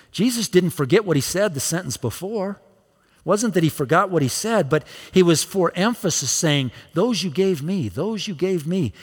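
A man's voice: a little high, slightly rough, long reverb tail. A male pastor preaching a sermon, emphatic, repeating phrases for emphasis.

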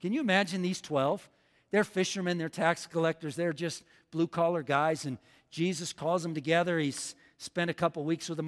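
A man's voice: fairly high pitch, fairly even intonation, normal speed. A man preaching a sermon as pastor, emphatic, repeating lines for the congregation to say back. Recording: long hall reverb.

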